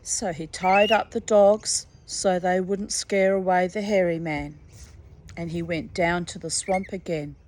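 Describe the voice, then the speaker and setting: Slow-reading woman storyteller. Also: lowish voice, steady tone, a little mellow, slight background noise. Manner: unhurried, with chatty personal asides. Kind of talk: reading a folktale aloud.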